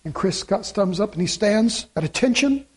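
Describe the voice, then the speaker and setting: A male pastor with a high-pitched voice delivers a sermon. He reads scripture aloud and builds to emphatic, repeated phrases. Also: lively intonation, moderate pace, a little mellow, slightly rough. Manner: preaching with rising emphatic repetition.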